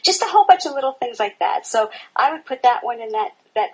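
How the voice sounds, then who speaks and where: Husky woman talking haltingly. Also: fairly high pitch, lively intonation, darkish tone, poor audio. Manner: halting, full of fillers. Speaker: podcast co-host. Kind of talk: casual podcast chat.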